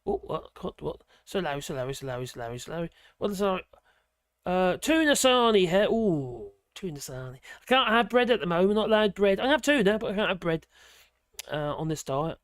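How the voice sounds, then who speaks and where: This high, sing-song male voice is brisk and fairly bright, with a clean tone. He's a Norfolk host with the region's accent, rambling through a casual livestream chat peppered with fillers, chuckles and exclamations. The recording is dry and studio quality.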